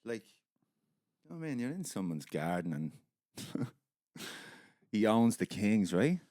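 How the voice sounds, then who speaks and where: A man's voice: on the low side, sing-song, measured pace, dark tone, no echo, studio quality. A middle-aged Irish man chatting as a podcast guest, laughing easily and swearing. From Ireland. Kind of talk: casual chat.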